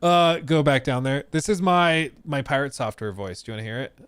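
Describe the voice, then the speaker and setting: A man's voice: medium pitch, fairly quick, a bit bright, smooth, no room sound. A man hosting a live stream, chatting casually and laughing often. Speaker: streamer host.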